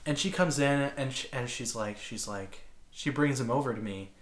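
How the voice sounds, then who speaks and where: With a mid-range voice at normal speed and a slight hiss or hum in the background, a man co-hosts a podcast. His storytelling is casual and rambling, heavy on "like" and restarts.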